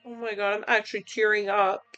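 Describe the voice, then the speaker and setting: A woman playing through a story game, reacting emotionally out loud and talking to her viewers. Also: medium pitch, level tone, a little fast, lo-fi sound, soft background music. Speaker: let's play gamer.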